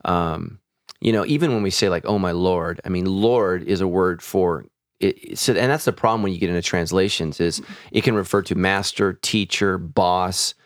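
A man's voice: sits low, moderate pace, dry recording, clean studio sound. A middle-aged man, a pastor hosting a podcast, talking casually with frequent restarts. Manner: conversational, many restarts and stammers.

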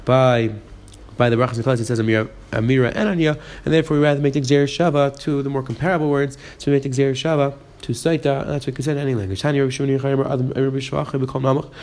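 A man teaching a Talmud page, quickly reading the Aramaic and explaining it in English. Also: mid-range voice, fairly even intonation, a little mellow. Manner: rapid, mixing Aramaic and English. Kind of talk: fast daf yomi lesson.

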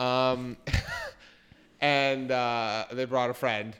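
A young man on a podcast, chatting casually and swearing freely as he tells animated stories. His voice is bright and smooth, and now and then it jumps to a loud shout. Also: mid-range voice, extremely slow, muffled recording. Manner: animated storytelling with loud outbursts; frequent swearing. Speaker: podcast co-host. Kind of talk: casual chat.

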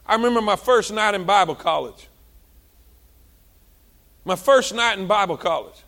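A male pastor, preaching a sermon with passion, repeating himself and swinging between loud and soft. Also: high-pitched, animated, moderate pace.

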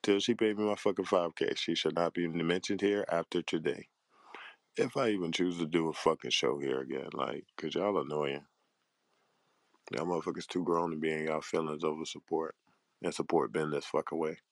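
A very deep-voiced man hosting a panel unleashes an angry rant laced with profanity, heated and exasperated and sometimes drawn out and weary. He speaks at a moderate pace with fairly even intonation, and the sound is dry and close with no room sound.

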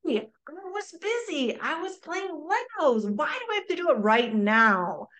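Whiny defiant little girl talking back, high-pitched, as a woman puts her on. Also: big pitch swings, measured pace, fairly bright tone, exaggerated voice.

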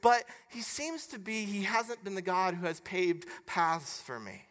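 A preacher giving a sermon, telling a personal story in an animated way that grows loud and emphatic. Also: mid-range voice, unhurried, big-room sound.

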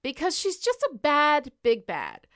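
A woman's voice: sits high, huge pitch swings, a little slow, a bit bright. A woman co-hosting a casual chat about a TV show, ranting in an exasperated, profane way. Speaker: podcast co-host.

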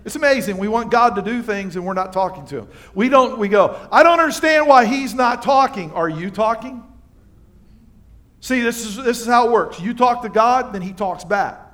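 A male pastor preaching a sermon, reading scripture and bantering with the congregation in an animated way. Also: high voice. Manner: animated preaching with asides and quick exchanges with the congregation. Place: church livestream.

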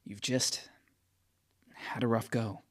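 A man's voice: mid-range voice, flat delivery, takes it slowly. A man voicing a friendly teenage boy in an audiobook, speaking in a reassuring way. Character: friendly, encouraging teen boy.

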